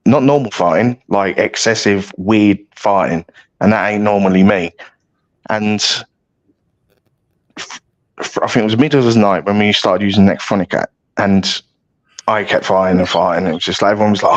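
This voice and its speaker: A man's voice: on the low side, normal speed, poor audio. Chatty British man telling stories. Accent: British English. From United Kingdom. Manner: rambling, self-mocking, restarts often. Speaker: guest paranormal investigator. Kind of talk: casual storytelling chat.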